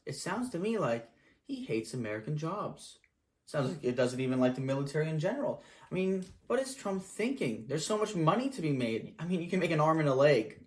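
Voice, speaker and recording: A man hosting a satirical comedy show, delivering a mock-earnest, sarcastic monologue. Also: medium pitch.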